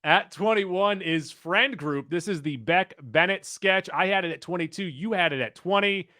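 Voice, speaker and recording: A man co-hosting a casual podcast chat, reading out rankings in a steady, list-like way. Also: high voice, normal speed, dry recording, studio quality. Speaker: podcast co-host.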